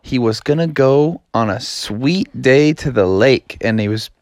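A man's voice: medium pitch, measured pace, no room sound. A man telling a read-along children's story with a bouncy, sing-song rise and fall. His delivery is laid-back and playful, recorded close with a dry sound. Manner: casual, lively, playful.

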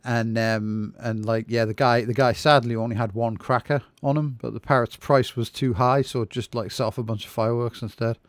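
Casting: man, podcast co-host, rambling sarcastic delivery, middle pitch, dry close sound. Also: fairly even intonation, brisk, hardly any pauses, no room sound. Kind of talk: casual comedic chat.

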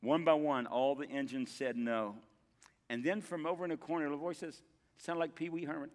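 An older pastor preaching a sermon with a folksy storyteller's manner and dramatic pauses. His voice sits a little high for a man and rings through a long church reverb. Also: fairly even intonation. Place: church sanctuary.

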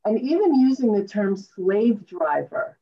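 A woman hosting a talk show, speaking slowly in an emotional, appreciative way. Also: mid-range voice, sing-song, gravelly. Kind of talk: interview conversation. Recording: distant, dull lo-fi sound.

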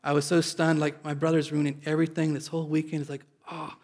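A male pastor from Indiana telling an audience a personal story in an animated, self-deprecating way. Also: on the high side, fast.

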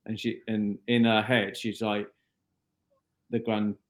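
A man's voice: fairly low pitch, little pitch movement, takes it slowly. A man co-hosting a podcast in casual chat, often restarting his sentences as he thinks aloud. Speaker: podcast co-host.

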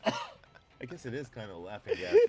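A man's voice: medium pitch, huge pitch swings, moderate pace. A man trading crude jokes on a comedy podcast, swearing freely and laughing often. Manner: joking, profane, laughs often.

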